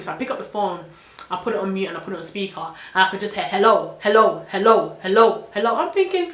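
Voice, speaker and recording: A young woman with a London accent telling an animated, indignant storytime vlog full of slang. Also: medium pitch, roomy sound. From London, England. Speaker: vlogger.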